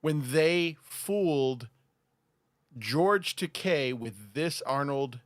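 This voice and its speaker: A man's voice: on the high side, lively intonation, drawn-out words, no room sound, clean studio sound. A man co-hosting a podcast, stumbling over words and correcting himself in casual chat. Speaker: podcast co-host.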